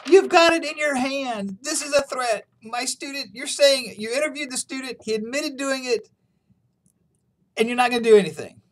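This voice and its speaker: A man's voice: extremely high pitch, moderate pace, a bit bright, voice pushed up, poor audio. A man voicing a panicked, indignant male professor who protests frantically. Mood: alarmed, indignant.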